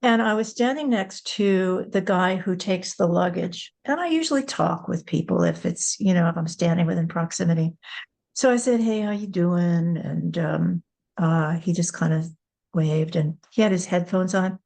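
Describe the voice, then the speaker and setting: An older woman hosting a podcast, telling a personal story candidly and acting out the dialogue with a rising, animated voice. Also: moderate pace, vocal fry. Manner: animated, rising pitch when retelling dialogue. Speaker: podcast host.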